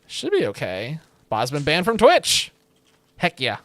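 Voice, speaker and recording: A man's voice: on the high side, wildly swooping pitch, unhurried, fairly bright tone, dry recording. Wry, rambling young streamer man. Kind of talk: casual gameplay commentary. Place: home room with a webcam.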